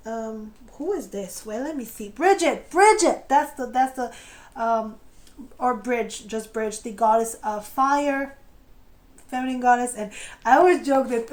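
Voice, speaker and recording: Woman doing a tarot pick-a-card reading, kinda high voice, chatty, acts out the feelings, laughs and trails off a lot. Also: darkish tone. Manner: often laughs and trails off mid-sentence. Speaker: tarot reader. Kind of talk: intuitive tarot reading to camera.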